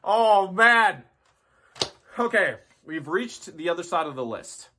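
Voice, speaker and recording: Higher-voiced man ranting sarcastically. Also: very animated, normal speed, bright, forceful tone, breathy edge. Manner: mocking, profane, sarcastic; rambling with restarts. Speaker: commentary YouTuber. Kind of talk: ranting commentary.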